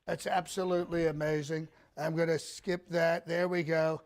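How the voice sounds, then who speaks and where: A man's voice: a little high, flat delivery, moderate pace, voice pushed up, lightly acted. A man putting on a boastful, vain older politician. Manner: self-congratulating, repeats phrases, fusses over staging. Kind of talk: comedic impression on a livestream.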